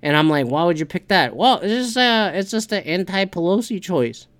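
A man's voice: high voice, animated, moderate pace, a bit bright, clear, resonant tone. A man giving a casual, rambling political rant, swearing freely and restarting his sentences. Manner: rambling, profane, many fillers and restarts. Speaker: political commentator.

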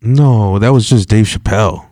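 A man's voice: lowish voice, normal speed, warm tone, no echo, studio quality. A man co-hosting a podcast, chatting casually in laid-back, profane banter. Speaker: podcast co-host. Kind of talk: casual chat.

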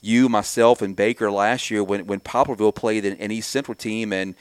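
Low-voiced man breaking down football. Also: steady tone, a little fast, clear, resonant tone, no room sound. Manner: analytical, fluent, colloquial. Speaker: sports analyst. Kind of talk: casual sports talk.

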